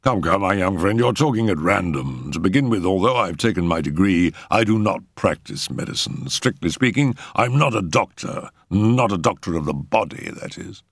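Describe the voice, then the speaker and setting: A man voicing a calm, matter-of-fact older doctor who soothes a troubled patient, in a storybook reading. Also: low-pitched, slightly rough, no echo, clean studio sound, heavily acted. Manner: unhurried, wry, matter-of-fact. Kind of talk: audiobook character reading.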